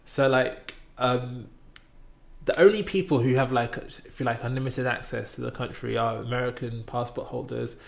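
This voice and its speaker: A man with a gravelly, rough-edged voice talks through a travel anecdote in relaxed conversation. He is from Britain and animates the story, putting on louder voices for the people in it. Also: medium pitch, normal speed. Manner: animated storytelling, acting out quoted voices loudly. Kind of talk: casual chat, anecdote.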